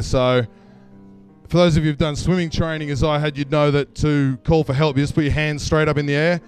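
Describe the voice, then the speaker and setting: A man's voice: fairly high pitch, steady tone, brisk, clean tone, faint music behind. Laughing Australian man telling a story. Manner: casual, self-deprecating, laughs through lines. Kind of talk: live personal storytelling. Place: stage at a live storytelling event. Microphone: stage microphone.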